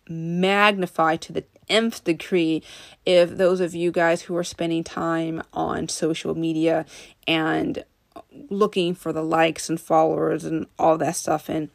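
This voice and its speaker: A woman with a fairly low voice hosts a self-help podcast. She talks earnestly and directly to her listeners, with a dry, close sound. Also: creaky, no echo. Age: adult. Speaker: podcast host.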